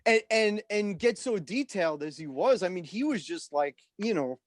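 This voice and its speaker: High-voiced man telling an animated story. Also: moderate pace, no room sound, studio quality. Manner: animated, rambling, full of "like" and "you know", swears freely. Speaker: guest musician. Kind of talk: casual storytelling on a podcast.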